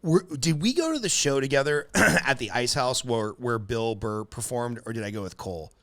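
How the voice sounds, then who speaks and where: A man's voice: medium pitch, expressive, moderate pace, fairly bright tone. A man hosting a podcast, telling a story in casual chat, acting out quotes and swearing freely. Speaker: podcast host.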